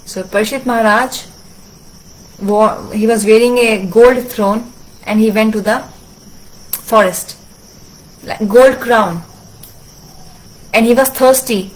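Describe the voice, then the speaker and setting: Woman translating a sermon, earnest storytelling, stops and restarts a lot, highish voice. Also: fairly even intonation, rough recording. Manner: earnest, moralizing, halting restarts. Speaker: translator of a religious discourse.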